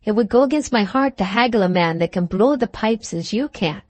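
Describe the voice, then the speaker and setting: A woman doing a proud fiery Highland gentleman. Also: expressive, a little fast, no echo, natural voice. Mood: generous, humbled. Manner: fiery, formal and touchy.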